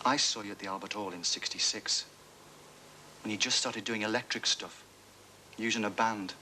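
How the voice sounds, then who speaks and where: A man's voice: lowish voice, steady tone, moderate pace, pushed and bright, slight background noise. An actor playing an earnest man, an anxious fan who rambles and second-guesses himself, in a 1980s broadcast drama. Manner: musing, self-doubting, talking himself in and out of ideas. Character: earnest adult male fan rehearsing a speech, anxious and rambling.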